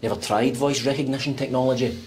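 A man's voice: medium pitch, fairly even intonation, fast talker, a little mellow, a little hiss or hum, natural voice. An actor playing a sarcastic Scottish man stuck in a lift, mocking and bickering.

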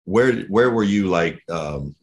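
A male podcast host asks his guest casual questions. His voice sits low, and he often stops and restarts his sentences before getting to the question. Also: lively intonation, slow.

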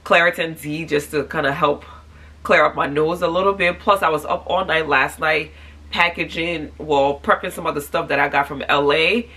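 A woman's voice: fairly even intonation, moderate pace, pushed and bright. Congested woman vlogging from bed. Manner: low-energy, tired, chatty. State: congested, stuffy nose. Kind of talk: casual morning vlog talk to camera. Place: at home in bed.

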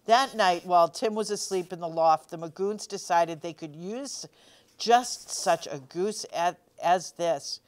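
A woman reading a picture book aloud for children's storytime, gently expressive and pausing to ask the listeners questions. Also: fairly low pitch. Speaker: storytime reader.

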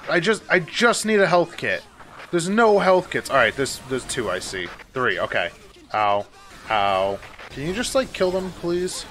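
A man's voice: a little high, very animated, a little slow, a bit bright, a little hiss or hum. A man giving casual let's-play commentary, exasperated and swearing often as he talks back at the game. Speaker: gaming YouTuber.

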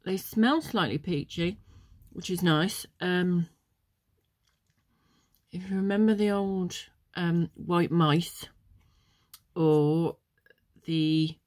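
Extremely slow with long pauses, this vlogger's low, slightly mellow voice is recorded with no echo. She tastes and reviews chocolates in a chatty, meandering way, reminiscing with many ums.

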